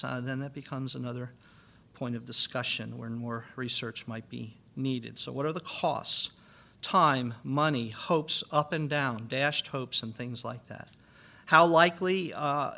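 Gravelly, bright-voiced male conference speaker. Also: mid-range voice. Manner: earnest, pastoral, frequent filler words. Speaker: conference speaker on biblical counseling. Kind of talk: conference talk.

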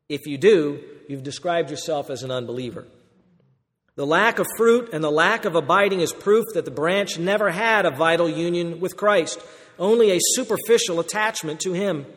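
A man's voice: high voice, fairly bright tone, big-room sound. A man preaching an earnest, explanatory sermon, stressing key words.

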